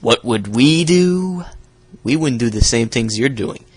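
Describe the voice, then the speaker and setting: A young man hosting a reaction video, giving sarcastic, profane commentary with loud outbursts. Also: mid-range voice, animated, unhurried, slightly rough.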